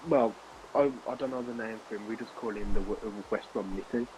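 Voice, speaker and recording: A man's voice: on the low side, a little fast, background noise. A young man, rambling through a story in casual chat with friends, full of restarts. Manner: rambling anecdote with many restarts and laughs. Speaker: streamer chatting with friends. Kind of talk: casual chat while gaming.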